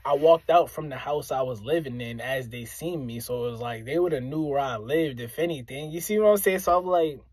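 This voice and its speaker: Animated man telling a story, dry sound. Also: mid-range voice, brisk, hardly any pauses, no room sound. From Springfield, Massachusetts, US. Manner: animated, addresses listeners directly, repeats phrases for emphasis. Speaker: rapper. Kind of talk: casual storytelling to viewers.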